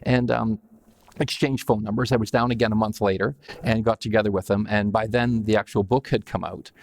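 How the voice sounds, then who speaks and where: Gravelly-voiced man telling a story. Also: fairly low pitch, fairly even intonation, a little fast. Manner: rambling anecdotal telling with many fillers and restarts. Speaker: company founder and CEO guest. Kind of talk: casual storytelling interview.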